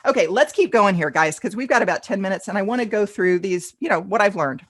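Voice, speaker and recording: A woman's voice: medium pitch, animated, fast talker. A middle-aged woman teaching a live online class, reading out attendee questions and answering them in a chatty, enthusiastic way. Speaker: fundraising event consultant teaching a class.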